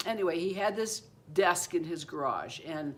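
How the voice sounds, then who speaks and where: A woman's voice: lowish voice, animated, moderate pace. A woman in her seventies hosting her own channel, telling a true personal story in a loose, rambling way that keeps circling back with "anyway" and "you know.". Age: 70s. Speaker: channel host. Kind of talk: personal story told to camera.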